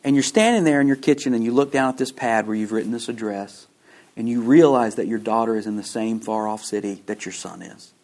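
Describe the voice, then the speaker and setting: A man telling a slow, dramatic story in a sermon, often dropping to a hushed low voice at emotional points and repeating his words as he builds toward a question. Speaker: preacher. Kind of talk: sermon illustration.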